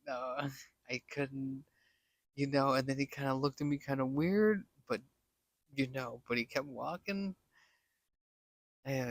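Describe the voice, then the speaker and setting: A man's voice: mid-range voice, a bit bright, no echo. A man casually telling a personal story, rambling with many fillers and dropping almost to a whisper when quoting his own thoughts. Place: Las Vegas.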